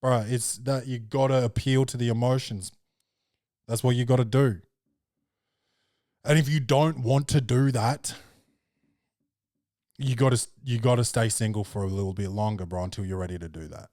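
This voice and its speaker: A man's voice: mid-range voice, steady tone, normal speed, long pauses, dark tone, dry recording. Slangy young man, dry sound. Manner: loose, slangy, jokey storytelling. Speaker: podcast host and comedian. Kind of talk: casual podcast chat.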